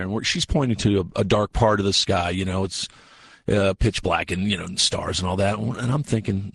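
A man's voice: fairly low pitch, a little fast, gravelly, breathy edge. A man, a guest in a radio studio, telling a long story casually and animatedly, acting out what people said. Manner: animated, acts out quotes, frequent fillers and restarts. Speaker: radio show guest, researcher.

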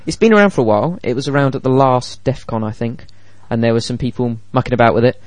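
A man co-hosting a casual tech podcast, explaining things in an animated way and acting out quoted dialogue. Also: medium pitch, fast, no room sound. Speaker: podcast co-host.

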